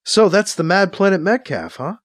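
A man's voice: high-pitched, lively intonation, normal speed, voice pushed up. A man reading an audiobook, voicing a persistent young man who coaxes and jokes. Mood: eager. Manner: pushy, coaxing. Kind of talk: audiobook character voice.

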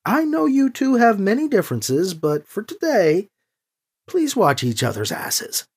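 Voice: mid-range voice, huge pitch swings, measured pace, breathy edge, voice pushed up, full character voice. A narrator voicing an older aunt who is stern, disapproving and protective, for an audiobook. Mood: insistent. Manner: stern, insistent. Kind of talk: audiobook character reading.

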